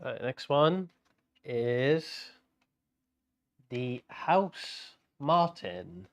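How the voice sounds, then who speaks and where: A man's voice: medium pitch, lively intonation, extremely slow. A man co-hosting a live bingo stream, calling out the items in a casual, hesitant way that is full of stammered repeats.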